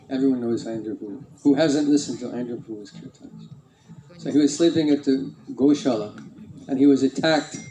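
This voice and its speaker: A man's voice: mid-range voice, reverberant, a little hiss or hum, rough recording. A man animatedly telling a devotional story, acting out chants. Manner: lively, acts out chants and laughter.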